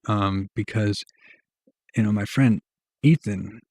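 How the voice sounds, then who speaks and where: A young man tells a story to camera in a loose, meandering way, filling his speech with slang and "like"s. His voice sits on the low side and sounds husky. The recording is dry, with no room sound. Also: takes it slowly, a little mellow, no room sound. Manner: rambling, slangy, many fillers. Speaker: vlogger. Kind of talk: casual storytelling.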